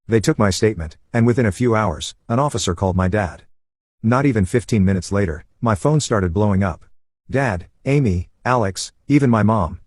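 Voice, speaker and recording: A man narrating a first-person story in an even, steady voice over gameplay. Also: on the low side, dry recording, clean studio sound.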